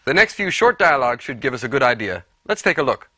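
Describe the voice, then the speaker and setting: A man narrating a scripted language lesson, explaining deliberately and repeating example words for the listener. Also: medium pitch, big pitch swings, sharp tone, no room sound, clean studio sound. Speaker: language teacher.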